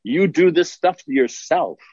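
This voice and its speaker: A man's voice: on the high side, lively intonation, a little slow, a little mellow, breathy edge, no echo, lo-fi sound. A man giving a sermon in a blunt, scolding way, firing off rhetorical questions. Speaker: spiritual teacher.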